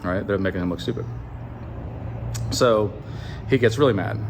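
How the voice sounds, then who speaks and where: A man casually retelling a Bible story as a comedy bit, animated and full of joking asides to the listener. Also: lowish voice, moderate pace, noisy background.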